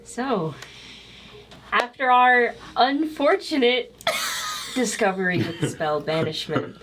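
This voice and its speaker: A woman's voice: fairly high pitch, lively intonation, takes it slowly. A woman game master narrating a tabletop game, chatty and loose, often laughing between lines. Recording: clicking noise in background.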